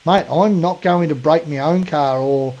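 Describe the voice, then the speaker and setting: A man's voice: fairly high pitch, a little slow, a little mellow, highs cut off. An Australian man co-hosting a podcast, talking bluntly in casual chat and calling people mate. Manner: blunt, ranting, says mate a lot. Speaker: podcast co-host.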